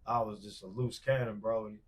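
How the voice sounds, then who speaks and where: A man's voice: on the low side, fairly even intonation, brisk. Slangy man on a distant mic. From Wisconsin. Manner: loose, slangy, many fillers and repeated "bro". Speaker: podcast guest. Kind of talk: casual storytelling chat.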